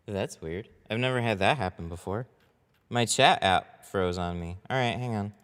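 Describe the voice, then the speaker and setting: A man with a lowish voice talks through a headset while he works, easygoing and chatty. He rambles a little and lets a swear slip when things go sideways, like a tradesman streaming his job. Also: normal speed, a bit bright, clean tone. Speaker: window tint installer streaming live. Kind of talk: casual live-stream talk while working.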